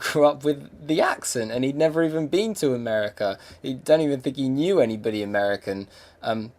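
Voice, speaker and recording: A young Englishman hosts a podcast, delivering a casual, reflective monologue that rambles with many fillers and restarts. His voice is medium in pitch and somewhat dark in tone.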